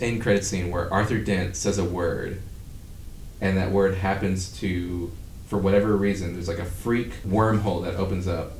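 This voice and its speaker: A man's voice: low-pitched, darkish tone, distant mic, a little hiss or hum. A man hosting a podcast, chatting casually and rambling, with frequent swearing. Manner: rambling, profane, breaks into laughter. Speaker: podcast host. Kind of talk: casual chat. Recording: echoey room.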